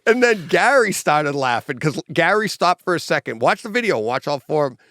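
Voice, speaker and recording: A man's voice: fairly high pitch, big pitch swings, fairly quick, fairly bright tone, no echo. A man hosting a podcast in casual chat, enthusiastic, laughing often and acting out quotes. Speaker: podcast host.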